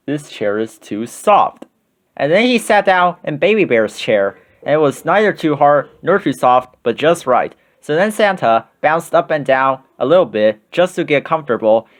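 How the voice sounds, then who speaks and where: Man reading a children's book aloud. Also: on the high side. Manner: steady, clear storytelling. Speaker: read-aloud narrator.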